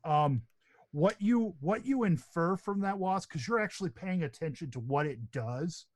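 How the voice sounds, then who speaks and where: A man narrating as game master of a tabletop game, relaxed and hesitant, with many fillers. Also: on the high side, normal speed, dry recording, studio quality.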